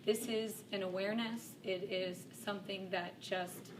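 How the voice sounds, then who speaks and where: A woman's voice: mid-range voice, steady tone, a little slow, background noise. A woman giving a casual personal testimonial to a workshop group, a chatty storyteller who often laughs at herself. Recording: distant mic with room ambience.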